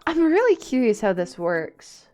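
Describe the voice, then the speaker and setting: A woman streaming a game live, chatting casually, excitable and a little shy in her asides. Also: on the high side, unhurried, faint music behind.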